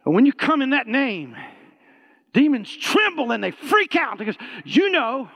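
Guy preaching, pretty high voice, telling his story all animated, kinda muffled lo-fi sound. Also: measured pace, big-room sound. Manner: animated storytelling, rising to shouted praise. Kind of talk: sermon testimony.

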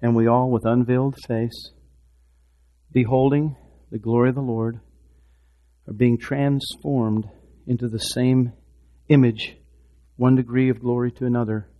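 A man preaching a sermon, swinging from hushed, repeated words to loud, impassioned exhortation. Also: mid-range voice, level tone, measured pace, lo-fi sound. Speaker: pastor.

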